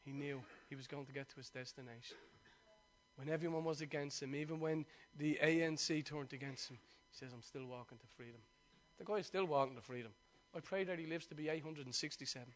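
A man, a pastor preaching a sermon and telling personal stories in a lively, chatty way. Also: on the high side, fast talker. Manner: lively storytelling, chatty and conversational.

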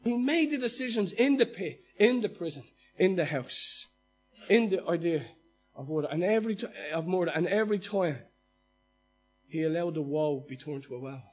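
A male pastor preaching with a very high, husky voice. He acts out quoted speech with animation, swinging from loud to hushed, while faint music plays underneath. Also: expressive, moderate pace. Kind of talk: sermon.

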